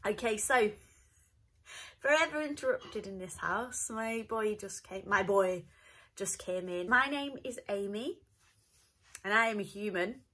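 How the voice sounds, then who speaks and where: A woman's voice: mid-range voice, unhurried, pauses often, bright, forceful tone. A woman with a Northern English accent chatting casually to camera at home, cheerful and rambling with lots of asides. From north of England. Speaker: vlogger.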